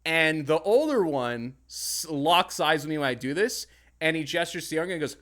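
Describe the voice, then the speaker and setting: A young man spins a story in casual podcast chat, his voice sitting a bit high for a man. He is animated and swears freely, acting out his own angry outbursts. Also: a little fast. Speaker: podcast co-host.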